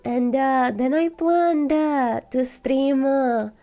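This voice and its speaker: A woman streamer chatting casually in a soft, slow, cozy way while sick with a scratchy, sore throat. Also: high-pitched, faint music behind. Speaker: vtuber streamer. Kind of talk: casual chat.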